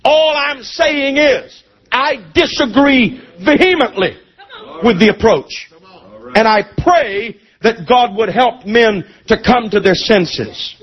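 A man preaching a fiery sermon, passionate and deliberate, at times slowing to hammer a point and at times shouting. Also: extremely high pitch, husky. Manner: impassioned, shifts between deliberate slow emphasis and shouting. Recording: dull lo-fi sermon tape.

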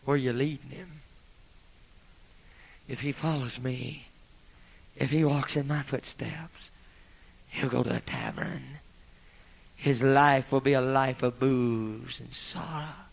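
A man preaching a sermon with dramatic swings between loud, impassioned peaks and hushed whispers. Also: medium pitch, creaky, rough recording.

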